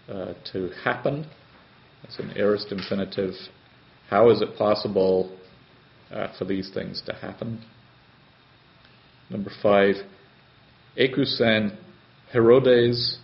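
A man teaching a grammar lesson as a language tutor, slow and methodical, with frequent pauses and hesitations. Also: on the low side, creaky. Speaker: Greek tutor. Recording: slightly dull, lo-fi sound.

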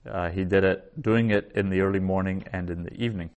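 A man teaching a class in a slow, deliberate lecture, spelling out each word and repeating it before he explains it. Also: sits low, steady tone, a little mellow. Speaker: Biblical Hebrew teacher.

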